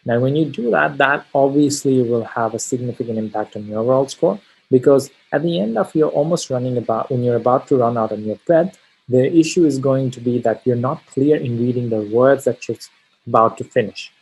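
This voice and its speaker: A man's voice: mid-range voice, fairly quick, gravelly, darkish tone, slightly rough, low-quality recording. A man teaching a test-prep lesson on pronunciation, explaining step by step and often checking in with "all right?". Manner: frequent tag questions, stresses key words. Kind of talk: spoken lesson on exam pronunciation.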